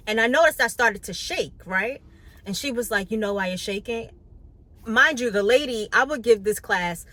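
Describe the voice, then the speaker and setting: Speaking to her followers from New York City, a chatty middle-aged makeup artist vlogs casually and opens up about her week. Her mid-range voice has a sharp tone.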